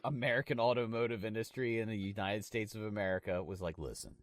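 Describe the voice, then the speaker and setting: A man's voice: lowish voice, fast, no room sound, clean studio sound. A man co-hosting a casual podcast, swearing a lot and acting out little voices as he tells stories. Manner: profane, animated, acts out voices in quotes. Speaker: podcast co-host.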